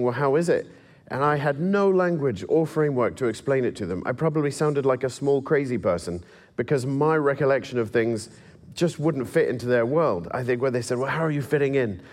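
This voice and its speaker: A man's voice: on the high side, a little mellow. A man with a mixed English and American accent, giving a talk with slides, self-deprecating and wry, laughing now and then as he tells stories. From England. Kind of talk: presentation to an audience with slides.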